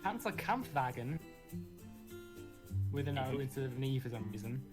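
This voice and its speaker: A woman's voice: very deep voice, very animated, moderate pace, music in the background. A woman co-hosting a game stream, reading text aloud with giggles and dry asides.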